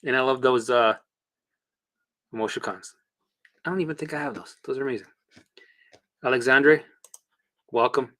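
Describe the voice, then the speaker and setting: A man hosting a casual livestream, coaching viewers through exercises in an animated, chatty way with the odd swear word. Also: medium pitch, normal speed, pauses often. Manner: guides listeners through exercises. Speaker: host and recovery coach.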